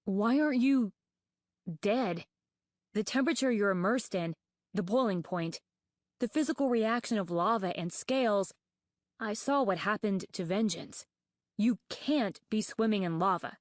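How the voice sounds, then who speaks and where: A woman voicing a nervous, bookish young male dragon in an audiobook, talking in anxious, rapid reasoning and stammers. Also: medium pitch, no room sound, studio quality, close to an everyday voice. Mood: incredulous. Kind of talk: audiobook character voice.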